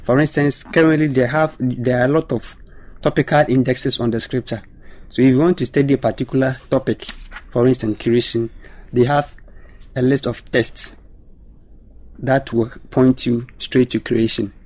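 A man, a panelist explaining Bible study in a measured, teaching way. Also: medium pitch, steady tone, darkish tone.

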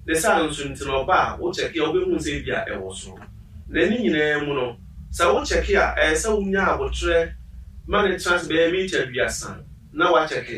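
A man's voice: fairly high pitch, animated, a little fast, a bit bright. A man, a health expert on a talk show, explaining patiently step by step. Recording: roomy, distant mic.

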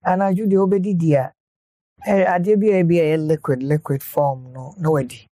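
A man explains health matters in an easy, chatty way, stopping and restarting his sentences as he goes. His voice sits a bit high but sounds mellow and dark. The recording is close and dry. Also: steady tone, brisk, no room sound. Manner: explains at length, with many hesitant restarts. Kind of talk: casual health chat.

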